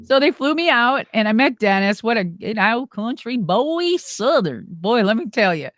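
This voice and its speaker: A middle-aged woman, a former wrestler and monster truck driver, telling stories in an animated, exclamatory way as an interview guest. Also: a little high, normal speed, no room sound. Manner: animated, exclamatory, acts out quoted dialogue. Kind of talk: casual storytelling interview.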